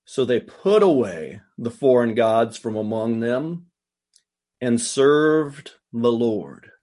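A man's voice: mid-range voice, animated, slow, a little mellow. A man preaching a sermon, reading scripture and paraphrasing it with earnest, rising intensity. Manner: earnest, voices God's lines with rising intensity. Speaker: pastor.

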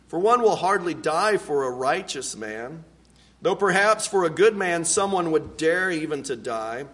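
A man preaching a sermon, earnest and deliberate, dropping to a hushed low voice on key words. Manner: unhurried, deliberate delivery with pauses. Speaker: pastor.

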